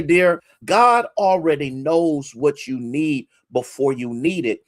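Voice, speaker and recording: A man's voice: mid-range voice, no room sound, studio quality. A male pastor preaching a sermon, repeating key lines for emphasis and greeting listeners by name.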